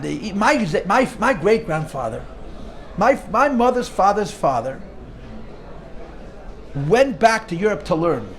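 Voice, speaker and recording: A man teaching an informal Torah class as a rabbi, an animated storyteller who restarts phrases often and sprinkles in Yiddish and Hebrew terms. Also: high-pitched, slight background noise.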